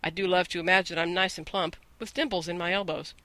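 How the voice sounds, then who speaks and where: A man's voice: high voice, steady tone, fast talker, sharp tone, no echo, low-quality recording. A man doing a breathless, chatty orphan girl. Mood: chattering. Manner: breathless eager run-on chatter. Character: chatty imaginative eleven-year-old orphan girl. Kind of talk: audiobook character voice.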